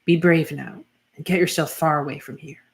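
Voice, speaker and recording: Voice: mid-range voice, fairly even intonation, moderate pace, vocal fry, lightly acted. A reader voicing a firm, protective mother. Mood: urgent.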